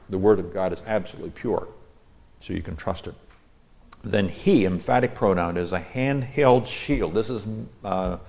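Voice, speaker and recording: This male Bible teacher's voice is low-pitched and gravelly, with a darkish tone. He moves through a psalm one verse at a time, reading each line, explaining its Hebrew words and stressing the key lines.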